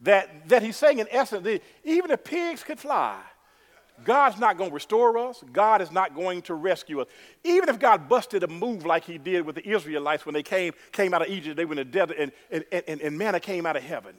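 Preacher guy, highish voice, repeats himself a lot, big echoey church hall. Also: animated, a little fast. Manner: repetitive, emphatic, addresses congregation as y'all. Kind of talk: sermon.

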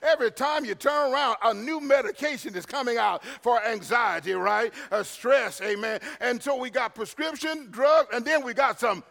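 High, gravelly preacher man. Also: moderate pace, hardly any pauses. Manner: preaching cadence, frequent amen, swings to shouting. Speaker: pastor. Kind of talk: sermon.

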